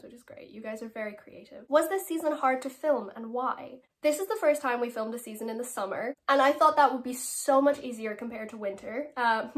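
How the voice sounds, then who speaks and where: A young Irish woman in her late teens, an actress working through fan questions. She has a slightly high voice, rambles cheerfully and giggles often between answers. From Ireland. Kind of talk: casual Q&A.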